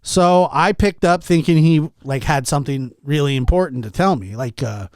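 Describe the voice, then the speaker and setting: Animated man telling a story on a podcast. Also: on the high side, normal speed, no room sound. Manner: animated, exasperated storyteller acting out quotes. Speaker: podcast host.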